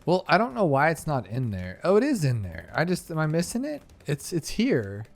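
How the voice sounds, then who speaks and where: A man's voice: a little high, huge pitch swings, normal speed, gravelly, faint music behind. A man giving casual commentary over gameplay, rambling into talkative, emphatic stories and sounding exasperated. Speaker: gaming video creator.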